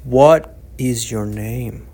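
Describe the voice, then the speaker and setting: A man voicing a kindly old man who speaks gently and slowly, reassuring and calm, in an audiobook reading. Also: medium pitch, slight background noise. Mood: gentle, reassuring.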